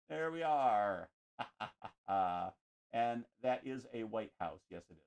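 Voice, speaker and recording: A man's voice: fairly low pitch, slow pace, smooth, no echo. A man chatting casually while painting on a live stream at home, joking and making little sound effects as he works. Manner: animated, jokey, makes sound effects. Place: home studio.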